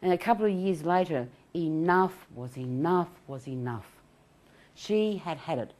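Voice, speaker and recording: A middle-aged woman giving an animated self-help talk on anxiety recovery. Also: on the low side, measured pace. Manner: animated, acts out quoted voices, laughs often.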